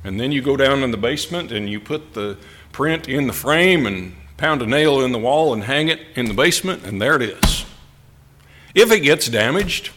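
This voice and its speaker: A male preacher delivers a sermon in a measured, deliberate way, pausing to let points land. His voice sits in an ordinary middle pitch. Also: lively intonation, a bit bright. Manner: slow, deliberate delivery with pauses for emphasis.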